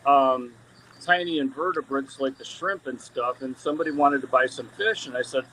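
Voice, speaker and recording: On a live video call picked up by his camera mic, a man who breeds fish chats casually while touring the aquarium tanks in his indoor fish room, rambling with plenty of ums and restarts. His mid-range voice sounds pushed and bright at a moderate pace. The audio is poor, with slight background noise.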